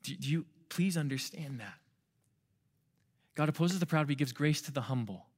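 A man's voice: fairly high pitch, lively intonation, moderate pace, husky. Urgent, conversational young male preacher. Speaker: youth pastor. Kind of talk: sermon.

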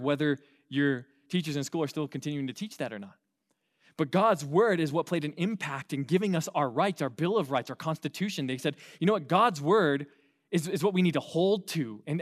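Delivering a heartfelt sermon to a young audience, this young adult man from the United States alternates quiet asides with bursts of loud emphasis. He is a youth pastor, and his voice is fairly high.

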